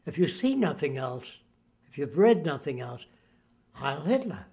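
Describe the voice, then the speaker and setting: Older man, interviewee, lectures with rhetorical questions, somewhat high voice. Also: very animated, normal speed, warm tone, breathy edge. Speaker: interviewee, futurist. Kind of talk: interview monologue.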